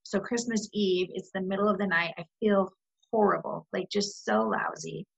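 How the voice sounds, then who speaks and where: Gravelly-voiced woman sharing her grief. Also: on the low side, moderate pace. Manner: candid, reflective, many fillers and restarts. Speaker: guest. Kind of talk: personal conversation about grief. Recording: muffled lo-fi podcast audio.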